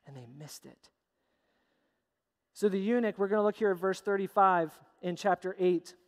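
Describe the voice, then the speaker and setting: A pastor delivers a sermon in a church sanctuary, hammering home emphatic, repeated phrases. His voice is mid-range and his pace normal. The hall adds a long reverb.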